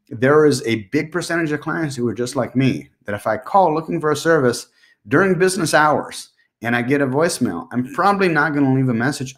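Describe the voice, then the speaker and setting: Male podcast host, mid-range voice, blunt and insistent coaching tone. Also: medium pitch. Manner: direct, emphatic advice with repeated points. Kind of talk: solo business podcast monologue.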